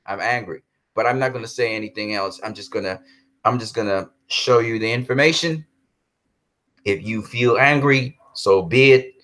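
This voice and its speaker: A man's voice: medium pitch, normal speed, a bit bright. A man hosting a live stream in a casual, heated way. He repeats himself, talks straight to his viewers and reads out and answers their chat comments. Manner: heated and repetitive, addresses viewers directly.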